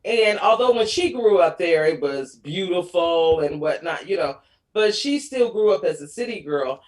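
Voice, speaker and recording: A woman in her forties sits in as a guest on a talk show and tells family stories in a relaxed, chatty way. She laughs often and acts out the lines she quotes. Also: fairly low pitch, normal speed. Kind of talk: casual chat.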